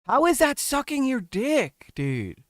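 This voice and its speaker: A man's voice: extremely high pitch, huge pitch swings, takes it slowly, fairly bright tone, dry recording, clean studio sound. A man commenting on a stream, crude and exasperated, mocking what he reads.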